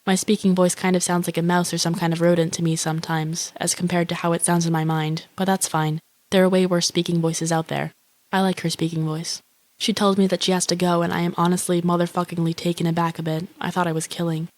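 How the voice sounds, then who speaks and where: An actress voicing the deadpan, profane inner monologue of a lonely, grandiose young woman who wishes to be eaten by a shark. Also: on the low side, quick pace, close to an everyday voice. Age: young adult. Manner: flat, profane, self-absorbed musing.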